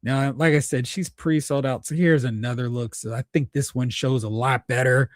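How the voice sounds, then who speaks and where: A man's voice: mid-range voice, fairly even intonation, normal speed, no room sound, clean studio sound. A man hosting a live stream, chatting casually, thinking aloud and reading out viewer comments. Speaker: host.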